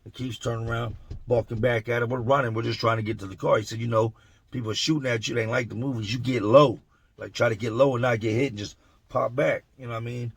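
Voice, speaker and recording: A man's voice: mid-range voice, steady tone, quick pace, creaky, breathy edge, no echo. A middle-aged man, a former prison tattoo artist, telling a story in a casual, streetwise way and quoting the people in it in his own voice. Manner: streetwise, conversational, quotes others in his own voice.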